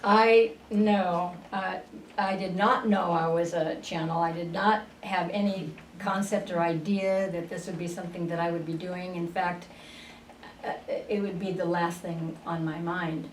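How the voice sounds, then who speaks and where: A woman being interviewed on a radio show, telling her story at an unhurried pace with many fillers and restarts. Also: on the low side, fairly even intonation. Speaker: interview guest, spiritual channeler. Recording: roomy, distant radio studio sound with faint noise.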